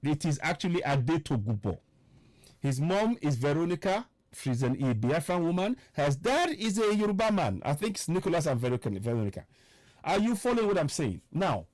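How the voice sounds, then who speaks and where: Male broadcaster, impassioned, emphatic repeater, high animated voice. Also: no room sound. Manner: preaching, repetitive and emphatic, slows for stress; greets viewers by name mid-speech. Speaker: online radio broadcaster. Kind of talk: impassioned political livestream address.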